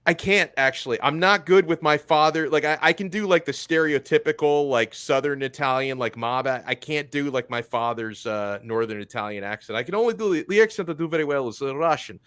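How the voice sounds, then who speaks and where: A man hosting a sports talk show in casual chat, joking and animated, often repeating himself as he talks. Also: fairly high pitch, fairly quick, hardly any pauses, clean tone, no echo. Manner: joking, animated, stumbles over words.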